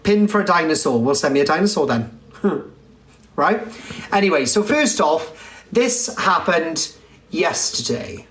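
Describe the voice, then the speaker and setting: A man's voice: fairly high pitch, animated, measured pace, fairly bright tone. A man hosting a casual live stream, chatty and cheeky, calling his viewers darling. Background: music.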